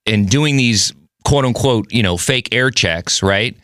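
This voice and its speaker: A man's voice: mid-range voice, measured pace, sharp tone, no echo. Guy hosting a chill interview, kinda rambly, dead dry close mic, mid voice. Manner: rambling, restarts his questions. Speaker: podcast host. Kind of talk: casual interview chat.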